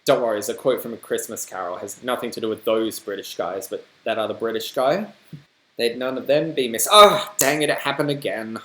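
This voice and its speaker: A man's voice: mid-range voice, a little fast, a bit bright. A man with an Australian accent, hosting a reaction video with chatty, rambling commentary and self-deprecating asides. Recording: echoey room.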